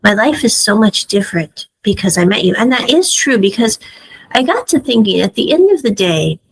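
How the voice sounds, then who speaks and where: A woman's voice: medium pitch, big pitch swings, normal speed, husky, low-quality recording. A woman giving a casual, chatty spoken review of a drama series, retelling scenes with frequent asides.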